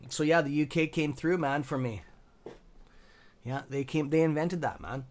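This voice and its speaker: A man's voice: on the high side, moderate pace. Guy hosting a live stream, just rambling and cussing, talking into a desk mic. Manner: rambling, swears freely, laughs at own jokes. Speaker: host of a live stock trading stream. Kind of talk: casual chat.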